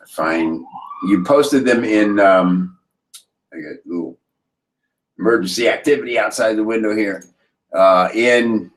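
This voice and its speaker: A man hosting a live group call, talking in a casual, upbeat, rambling way with many fillers and restarts. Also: deep voice. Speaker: host of a copywriting members' call.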